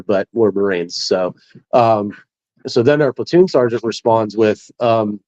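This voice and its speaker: A man's voice: fairly low pitch, unhurried, a little mellow, no room sound. A male military veteran telling stories in a casual interview, easygoing and chuckling as he talks. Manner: easygoing, chuckles through his anecdotes. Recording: dull lo-fi dry sound.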